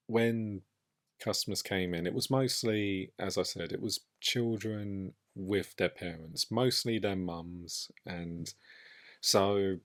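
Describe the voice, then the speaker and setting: A man hosting a casual solo podcast, talking in an enthusiastic, reflective and loosely rambling way. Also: deep voice. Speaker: podcast host.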